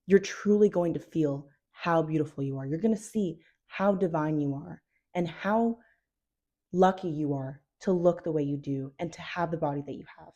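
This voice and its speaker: Young woman, blunt and profane motivational vlogger, mellow lowish voice. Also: normal speed, lo-fi sound. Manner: blunt and profane, emphatic, quotes her own inner voice. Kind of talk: direct-to-camera motivational talk.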